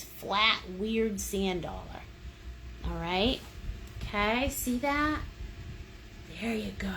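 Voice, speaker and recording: With a somewhat high, slightly bright voice, a painting instructor from the United States runs a livestream lesson, chatting playfully, encouraging her viewers and humming small sound effects as she works. A fan is running, leaving slight background noise.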